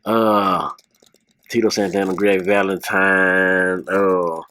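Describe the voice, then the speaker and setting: A man hosting a podcast, telling a rambling story with laughs and quick voice impressions. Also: sits low, flat delivery, pushed and bright, no room sound, poor audio. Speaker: podcast host.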